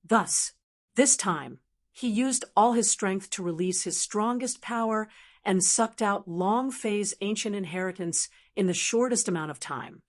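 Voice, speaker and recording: A woman's voice: medium pitch, a little slow. A woman steadily reading a fantasy novel aloud as an audiobook narrator. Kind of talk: scripted narration.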